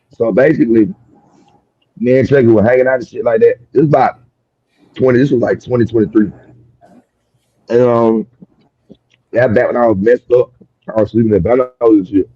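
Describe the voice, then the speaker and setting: A man's voice: on the low side, husky, no echo, highs cut off. A man telling a long, profane story in a rambling way during a street interview, with many restarts and fillers. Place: outdoors on a city street.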